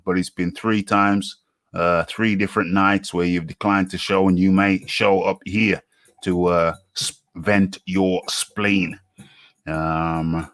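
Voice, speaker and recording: A male host of a live-streamed talk show, chatting freely and breaking into laughs. His fairly low voice has a forceful, bright edge and sounds close and dry. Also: dry recording.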